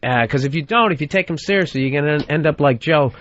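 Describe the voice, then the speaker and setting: A man's voice: fairly high pitch, fast, fairly bright tone. A man hosting a radio show, chatting casually and teasing his co-host with profanity. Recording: dull lo-fi broadcast audio.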